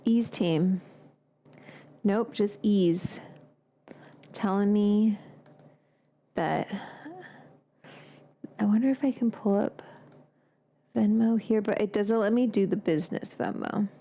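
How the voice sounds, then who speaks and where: A woman's voice: medium pitch, takes it slowly, long pauses, warm tone. A woman hosting a cooking live stream from a home kitchen, talking in a loose, rambling, chatty way with casual swearing and drifting off onto tangents.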